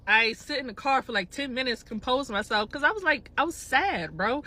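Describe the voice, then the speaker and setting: A woman's voice: fairly high pitch, fairly quick, few pauses. A young woman telling an angry story in casual chat, emphatic and swearing, acting out the people in it. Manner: animated, emphatic, swears, mimics others. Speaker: storyteller in a clip.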